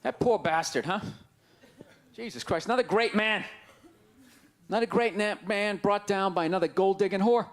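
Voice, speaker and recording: A middle-aged man with a Boston accent performs brash, ranting stand-up on a comedy stage, poking fun at the crowd. His voice sits high and he speaks at normal speed, captured through a handheld stage mic in a live club recording with crowd noise.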